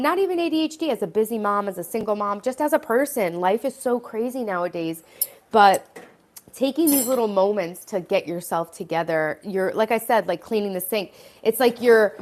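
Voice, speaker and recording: A woman's voice: mid-range voice, slight background noise. A middle-aged woman hosting a casual live stream, rambling and chatty with lots of "like" and "you know" as she talks about her home. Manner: rambling, chatty, many fillers. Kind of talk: casual live-stream chat while tidying.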